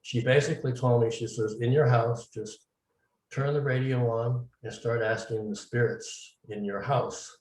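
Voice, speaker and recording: A man's voice: mid-range voice, steady tone, measured pace, darkish tone. A man being interviewed, telling his story casually and acting out the dialogue he quotes. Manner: recounts events at length, acting out quoted dialogue. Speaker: interview guest, medium. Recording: roomy, distant mic.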